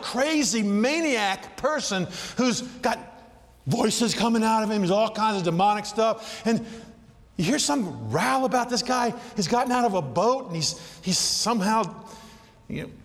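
A man preaching a sermon in a conversational, animated way, often asking his listeners questions. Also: high-pitched. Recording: long hall reverb.

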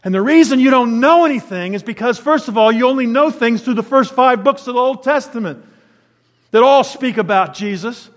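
A man delivers a sermon in a high voice. He moves between hushed, low-pitched asides and loud, emphatic declarations. The sound carries a long reverb, like a large church hall. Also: a little fast. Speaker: preacher.

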